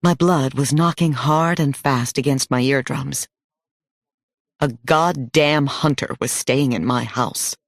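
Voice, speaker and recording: A man reading an audiobook in a steady, measured storytelling manner. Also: mid-range voice, gravelly, no room sound, studio quality. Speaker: audiobook narrator. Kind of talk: scripted audiobook narration.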